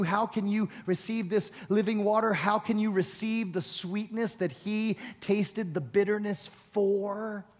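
A man delivers an animated sermon in a fairly high voice. He questions the congregation and swells to loud, emphatic moments. The sound carries a long reverb, as in a large church sanctuary. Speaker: pastor.

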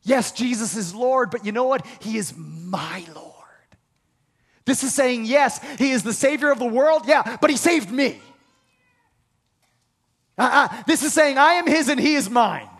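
A man preaching a sermon, swinging between hushed lines and shouted ones and leading the congregation in call-and-response. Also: extremely high pitch, moderate pace, long reverb tail. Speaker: pastor.

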